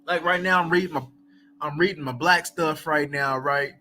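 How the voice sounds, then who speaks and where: A man's voice: a little high, fairly even intonation, normal speed, bright, forceful tone. A man hosting a casual live book chat, talking loosely with many fillers and asides and laughing often between thoughts.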